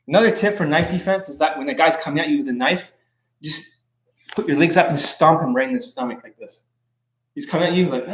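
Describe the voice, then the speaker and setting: A middle-aged man, a dating coach, talking on a live stream in an intense, rambling, profane way that can come across as angry. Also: fairly high pitch.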